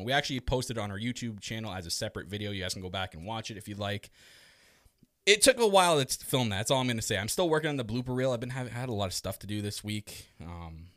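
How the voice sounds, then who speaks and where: A man hosting a casual podcast, lively and swearing freely, talking with a burned tongue. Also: fairly low pitch, fast talker, no room sound, studio quality. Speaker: podcast host. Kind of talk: casual live podcast chat.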